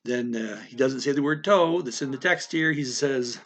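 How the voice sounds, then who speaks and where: A man slowly explaining a story word by word as a language teacher, thinking aloud with many pauses. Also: mid-range voice, a bit bright. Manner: slow, thinking aloud, frequent fillers.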